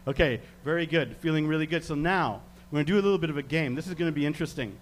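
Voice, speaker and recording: A man with a slightly high voice leads a live hypnosis demonstration. He talks subjects under with slow, soothing suggestions and chuckles often between them. A faint hum sits under his voice. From Canada. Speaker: stage hypnotist guest.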